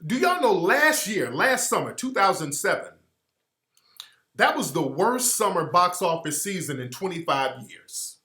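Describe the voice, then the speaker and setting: Man, radio host, bright pushy voice, echoey room. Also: high-pitched, a little slow. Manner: blunt, profane and animated, mimics others in quoted voices. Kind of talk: opinionated radio commentary.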